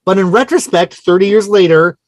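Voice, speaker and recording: Guy with a high voice, dry mic, chill podcast host vibe. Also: a little fast, no echo. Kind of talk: casual music discussion.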